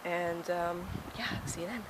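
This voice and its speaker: In this outdoor phone recording with background noise, a young woman vlogs beside a house, partly in a car, chatty and out of breath. She rambles with lots of fillers in a lowish, steady, unhurried voice.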